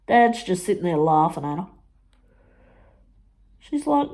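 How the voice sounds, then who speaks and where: Slow, chatty woman. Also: animated, a little mellow. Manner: chatty storytelling, acts out quotes in high voices, laughs often. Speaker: crafting vlogger. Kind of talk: casual chat while crafting.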